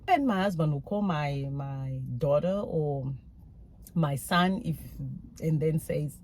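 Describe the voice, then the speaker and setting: A woman's voice: low-pitched, moderate pace, warm tone, slight background noise. A mother giving frank, self-critical parenting advice in a casual, personal way with plenty of fillers.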